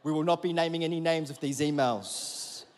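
A pastor preaches in a big church hall, his voice sitting a little high for a man. He tells his story in an animated, chatty way and calls the congregation to answer back. Long reverb trails after every phrase. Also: moderate pace. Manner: lively, conversational, with audience call-and-response. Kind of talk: sermon with storytelling. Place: large church auditorium.

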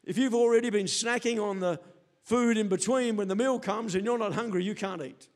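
An older man serving as pastor preaches a sermon in a high, brisk voice. He tells stories animatedly, acting out the quotes as he goes.

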